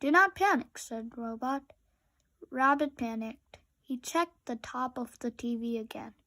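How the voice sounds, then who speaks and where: Slow, high-voiced woman reading a kids' book. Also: steady tone, fairly bright tone. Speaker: storybook reader. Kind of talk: children's book read-aloud.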